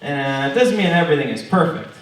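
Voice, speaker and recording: Stand-up guy, higher-pitched voice, profane and mock-earnest, recorded from a distance. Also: very animated, quick pace. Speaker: stand-up comedian. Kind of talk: stand-up comedy set. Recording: very echoey room, mic far off.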